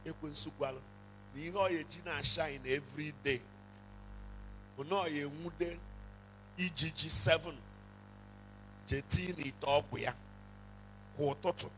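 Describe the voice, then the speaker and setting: A man's voice: fairly high pitch, fairly bright tone, a little hiss or hum, poor audio. A man preaching a sermon, switching between English and Igbo and breaking into song. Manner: preaching with slow, drawn-out bursts into singing. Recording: music playing under the voice.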